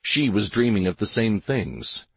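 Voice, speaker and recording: A man narrating a fantasy audiobook in a measured, even reading. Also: lowish voice, gravelly, slightly rough. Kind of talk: scripted narration.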